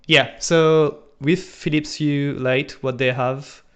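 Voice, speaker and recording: A man's voice: a little high, fairly even intonation, slow pace, fairly bright tone, clear, resonant tone, muffled recording. Man, live stream co-host, casual coding walkthrough, thinks aloud, keyboard clicks behind. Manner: thinks aloud while typing, with frequent fillers. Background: keyboard typing and clicking.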